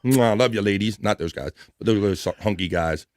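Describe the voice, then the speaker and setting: A man's voice: lowish voice, a little fast, very noisy. A man hosting a casual livestream, reading viewer comments aloud with crude, jokey banter and frequent laughs. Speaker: livestream host.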